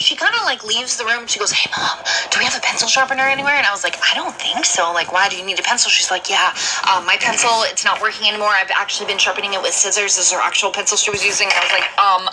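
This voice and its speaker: A woman's voice: mid-range voice, very fast, few pauses. A woman telling funny stories about her daughter in a casual, laughing way, acting out what people said. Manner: animated, laughing, acts out quotes. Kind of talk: casual storytime. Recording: noisy background.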